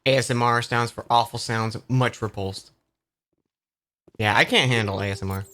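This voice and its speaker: Young guy live-streaming a game, chatty and rambly, trips over words, swears a bit, bright tense tone. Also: medium pitch, steady tone, normal speed. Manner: rambling and stammery, repeats words, swears casually. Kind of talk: casual live-stream chat while gaming.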